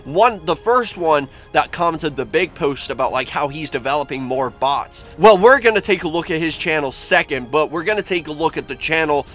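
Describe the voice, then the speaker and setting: A man hosting a casual vlog, reading comments aloud with animated, sarcastic asides. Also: a little high, normal speed, few pauses. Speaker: YouTube host. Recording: faint music behind.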